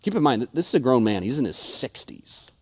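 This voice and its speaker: His mid-range voice swings widely in pitch at a brisk pace as he preaches. He's a pastor in his thirties telling stories in a sermon, voicing friends he quotes, with frequent stutters and repeated words.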